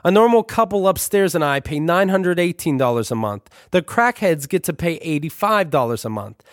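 A man's voice: a little high, animated, moderate pace, no room sound, clean studio sound. A man narrating his own memoir with wry, profane, conversational humor. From Brooklyn, New York.

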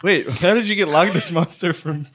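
A man's voice: high-pitched, moderate pace, a crowd in the background. A man hosting a podcast, joking and teasing his co-hosts in casual banter, swearing freely and laughing often. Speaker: podcast host.

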